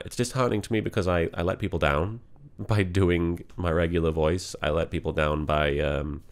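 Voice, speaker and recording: A man talking candidly and reflectively in a confessional vlog, in a halting way. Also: low voice. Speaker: vlogger.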